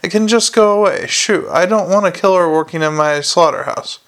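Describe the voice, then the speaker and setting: A man's voice: normal speed, fairly bright tone. A man reading aloud, voicing a fretful middle-aged male butcher in a raised, agitated voice. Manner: higher, agitated, blustering.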